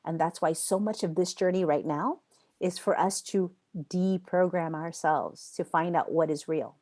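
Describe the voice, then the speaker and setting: A woman's voice: lowish voice, measured pace, a little mellow. A woman teaching a live online yoga training class. She talks in an emphatic, chatty way, repeats phrases for effect and answers students' typed questions by name.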